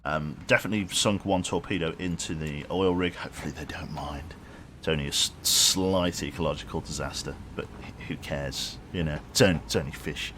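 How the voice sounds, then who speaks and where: Casually commentating on a submarine game during a live stream, this man rambles with wry, self-mocking humor. His rumbling low voice has a fairly bright tone, and he speaks fairly quickly with hardly any pauses. Background hum is noisy.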